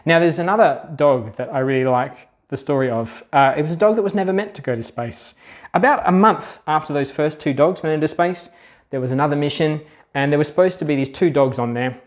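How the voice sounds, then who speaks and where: A man's voice: a little high, brisk. A man, a children's book author, telling facts to kids in a chatty, casual storytelling manner. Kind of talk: explainer video for kids.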